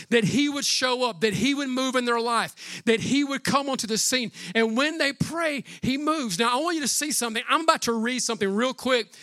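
A man preaching a sermon as pastor, in a casual, energetic way with slangy asides. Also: very high voice, dry recording, studio quality.

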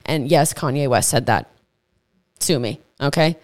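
A woman hosting a faith podcast, teaching in a chatty, earnest way, with stumbles and quick asides. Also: extremely low pitch. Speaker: podcast host. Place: home podcast setup.

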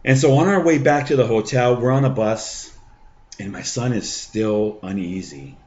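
A middle-aged man hosting a faith podcast, telling a personal testimony in a halting way full of fillers and restarts. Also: medium pitch, darkish tone, muffled recording. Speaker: podcast host.

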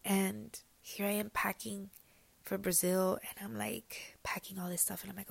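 A woman giving a personal faith testimony, switching between Spanish and English mid-sentence in a soft, confiding way that often sinks to a whisper. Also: mid-range voice, fairly even intonation, unhurried, creaky. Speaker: church member sharing her testimony.

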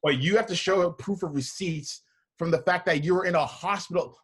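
A young adult reacting loudly in casual chat, exclamatory and quick to chime in. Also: medium pitch, noisy background.

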